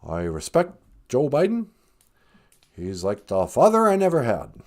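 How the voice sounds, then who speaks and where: A man doing a halting, earnest politician. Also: medium pitch, wildly swooping pitch. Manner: pauses with drawn-out "uh", earnest speechmaking delivery. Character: male ex-president, measured, halting politician cadence. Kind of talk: comedic call-in impression.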